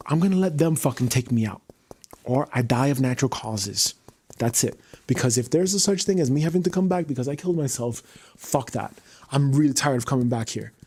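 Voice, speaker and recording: A man's voice: mid-range voice, darkish tone, slightly rough. A man talking unscripted on his livestream, venting heatedly and swearing often.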